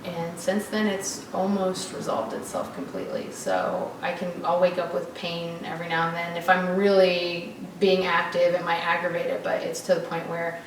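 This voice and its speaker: Young woman patient from Oklahoma, hesitant and soft-spoken; lowish pitch; distant, echoey, noisy recording. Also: moderate pace, hardly any pauses. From Oklahoma, USA. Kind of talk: casual interview. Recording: roomy, distant mic, audible noise.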